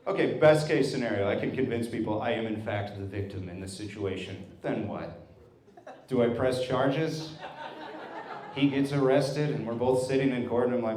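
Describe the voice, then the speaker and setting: A man doing a stand-up comedy set, telling stories in a deadpan way with acted quotes. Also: medium pitch, moderate pace. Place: brewery stage with live audience. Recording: roomy live venue with crowd laughter. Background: audience laughing.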